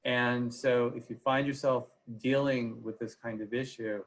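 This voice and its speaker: A man's voice: mid-range voice, steady tone, a little slow, rough recording. A man giving a legal presentation on a video call, speaking conversationally with frequent "uh" fillers. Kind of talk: webinar presentation.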